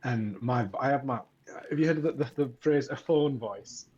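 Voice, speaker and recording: A man with a Yorkshire accent chats casually on a podcast, doubling back and repeating words as he goes. His voice is husky, and the recording sounds muffled and lo-fi. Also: mid-range voice, moderate pace, a little mellow. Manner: chatty, frequent restarts and repeated words. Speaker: podcaster and tech content creator.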